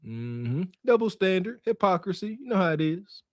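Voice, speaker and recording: A man's voice: sits high, big pitch swings, moderate pace, no room sound, studio quality. A man co-hosting a podcast, giving casual, mocking commentary and laughing often. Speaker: podcast co-host.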